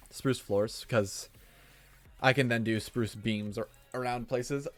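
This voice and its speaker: A man's voice: mid-range voice, fairly even intonation, takes it slowly, faint music behind. A young man giving casual commentary while building in a game, thinking aloud and joking at his own expense. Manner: chatty, thinking aloud, self-mocking. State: hiccups. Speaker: streamer.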